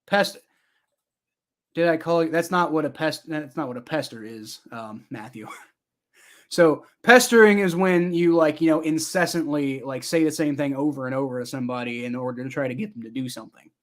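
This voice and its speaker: Host, male, fairly high voice, rambling live sports reaction, answers chat on the fly. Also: moderate pace. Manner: rambling, chatty, talks back to viewer comments.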